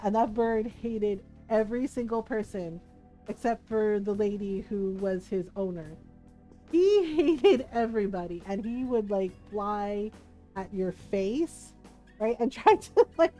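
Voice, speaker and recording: A woman's voice: mid-range voice, measured pace, mellow, soft background music. A woman streamer chatting casually while she plays a video game, telling a story with lots of "like" and "right?" and laughing often.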